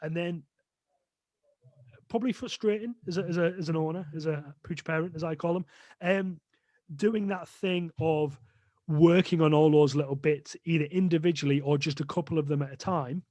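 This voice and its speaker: A man's voice: a little high, normal speed, a little mellow, no echo. A man talking as a guest on a podcast, explaining dog training in a chatty way with lots of fillers. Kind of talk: casual podcast interview.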